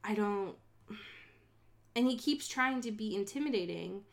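A woman co-hosting a casual podcast, talking about a book in a profane, animated way and acting out the characters' lines. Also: mid-range voice, unhurried, creaky. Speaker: podcast co-host. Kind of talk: casual book discussion chat.

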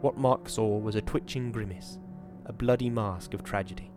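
Guy with a lowish voice reading a scary book on a podcast, faint music underneath. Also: moderate pace, hardly any pauses. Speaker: podcast host reading a horror novel. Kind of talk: dramatic reading and casual commentary.

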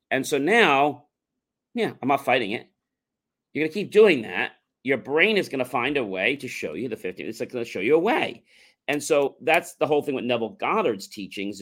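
A man's voice: mid-range voice, a bit bright. A man on a talk show explaining a mindset technique, coaching listeners and acting out repetitive self-talk.

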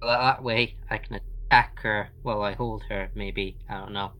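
A tabletop game player talks in a mid-range voice. The delivery is low-key, with asides trailing off into mutters. The pace stays casual and unhurried. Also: fairly even intonation, sharp tone.

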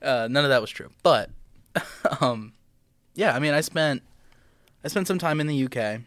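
A young American man co-hosts a laid-back political podcast, joking around and rambling with plenty of filler words. His voice is smooth and resonant. The sound is dry and close, with no room echo. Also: mid-range voice, animated, normal speed, fairly bright tone. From United States. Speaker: podcast co-host. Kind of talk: casual political podcast chat.

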